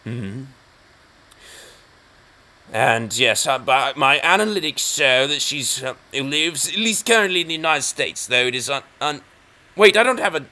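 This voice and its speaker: Commenting on a chess game he's playing, an English-accented channel host rambles on, mocks himself, and addresses both himself and his opponent. He speaks in a mid-range, expressive voice that is bright, forceful, and unhurried.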